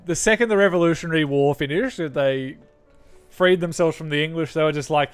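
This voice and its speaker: A man's voice: on the high side, brisk, smooth, no room sound, faint music behind. A young Australian man chatting casually with viewers while streaming a game, rambling and correcting himself as he goes. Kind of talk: casual gaming chat.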